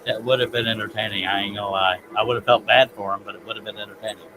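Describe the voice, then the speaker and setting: A man's voice: fairly low pitch, steady tone, racing. Southern male stream host, chatty, prone to giggles, noisy recording. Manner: chatty, reads chat aloud, giggly. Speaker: livestream host. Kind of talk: casual live stream chat.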